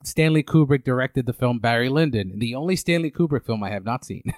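A man's voice: mid-range voice, a little fast, no room sound. A man hosting a casual movie podcast, recapping film history in a rambling way with many restarts. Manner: rambling, lots of fillers and restarts. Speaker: podcast host.

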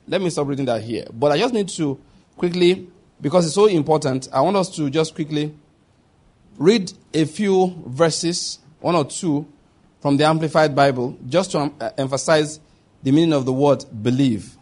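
Emphatic pastor, higher voice. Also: male voice, darkish tone. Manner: emphatic, repeats key phrases, slow deliberate scripture reading. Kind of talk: sermon.

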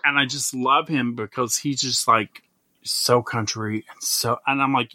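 A man's voice: mid-range voice, measured pace, no room sound. A man hosting a podcast, chatting casually and gushing as he acts out what people said. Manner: gushing, animated storyteller who acts out quoted remarks. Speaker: podcast host. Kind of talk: casual chat.

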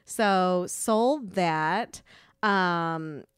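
A woman's voice: lowish voice, extremely slow, clean tone, dry recording, studio quality. A middle-aged woman telling rambling, profane stories in casual chat as a podcast co-host.

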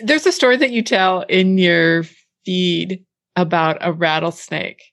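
A woman interviewing a guest, encouraging and a bit halting as she sets up a story. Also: lowish voice. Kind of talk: casual interview.

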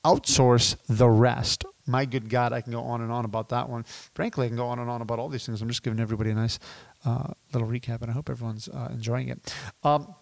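A man in his thirties teaching business as a podcast guest, animated and casual, addressing listeners as dude and my friends. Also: mid-range voice, racing, creaky, no echo. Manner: acts out sales calls in quoted voices.

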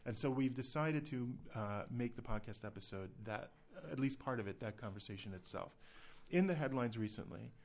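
A man's voice: medium pitch, lively intonation, normal speed, hardly any pauses. A man hosting a casual podcast, talking in a chatty, self-deprecating way with loose restarts. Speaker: podcast host.

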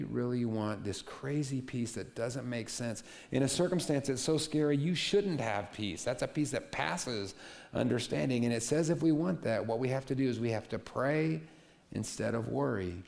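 A middle-aged man preaching a sermon in a conversational, animated way, with playful asides. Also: medium pitch, creaky. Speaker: pastor.

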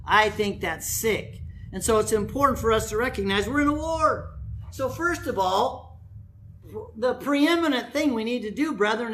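A man's voice: high voice, bright, forceful tone. A man preaching a sermon as pastor in a church, earnest and direct, often putting rhetorical questions to the congregation.

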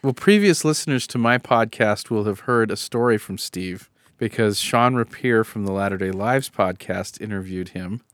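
A man's voice: fairly low pitch, moderate pace, fairly bright tone, dry recording, studio quality. Man hosting a podcast. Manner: explanatory, laughs easily. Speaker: podcast host. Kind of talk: casual chat.

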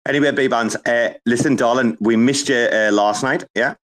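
A man's voice: medium pitch, fairly even intonation, moderate pace, hardly any pauses, fairly bright tone. Guy host, loose sweary banter, mid voice. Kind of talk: casual chat.

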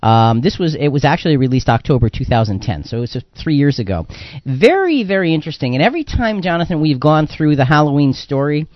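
A man hosts a Christian radio talk show in a loose, rambling way, circling back over his words with lots of fillers. His voice sits a bit high, recorded dry and close with a dull, lo-fi tone. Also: big pitch swings, quick pace, no echo. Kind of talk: casual Christian radio discussion.

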